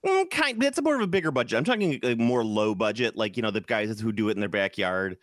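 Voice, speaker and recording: A man's voice: fairly low pitch, very animated, fast, no room sound, studio quality. A man from Chicago co-hosting a casual podcast chat, rambling with lots of restarts and fillers. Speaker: podcast co-host.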